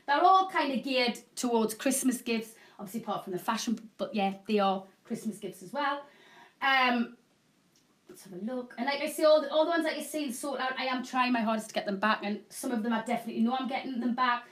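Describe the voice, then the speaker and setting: A woman's voice: a little high, brisk. A middle-aged woman hosting a live shopping channel, rambling and chatting casually with viewers. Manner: chatty, rambling, self-deprecating. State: having a hot flush. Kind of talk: live selling chat.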